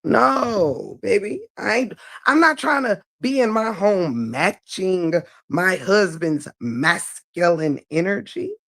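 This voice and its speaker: A woman with a gravelly, creaky edge holds forth on a live stream in a dry, close-miked sound. She is blunt and profane and lectures her listeners, often checking in with rhetorical questions. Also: mid-range voice, lively intonation, slow pace, fairly bright tone, no echo. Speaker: streamer giving commentary. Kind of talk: unfiltered live-stream commentary.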